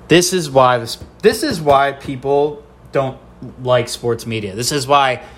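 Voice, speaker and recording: A man's voice: mid-range voice, expressive, slow, a bit bright, a little hiss or hum. Young male podcast host, nasal, blunt and profane, ranting about sports.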